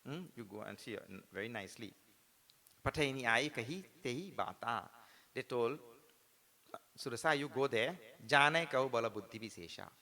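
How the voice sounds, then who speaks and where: A man giving a spiritual discourse, animated and full of rhetorical tag questions like "correct or not?". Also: mid-range voice, moderate pace. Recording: hall reverb with faint music behind.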